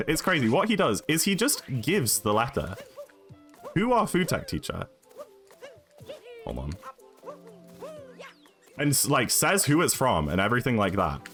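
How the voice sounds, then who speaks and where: Lively young Englishman telling a story. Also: medium pitch. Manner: animated, rambling, filler-heavy with frequent "right?". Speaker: streamer. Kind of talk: casual storytelling on a livestream.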